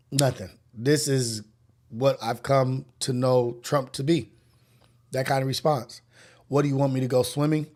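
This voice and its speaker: Podcast host: a man with a middle-range voice, slangy and conversational, thinking aloud on a livestream. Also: mid-range voice. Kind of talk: casual livestream commentary.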